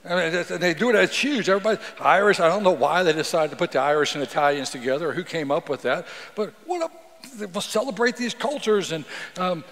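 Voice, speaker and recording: A male pastor preaching a sermon in a relaxed, conversational way, with frequent restarts and repeated words. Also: high voice, quick pace. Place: church sanctuary. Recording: long reverb of a church sanctuary.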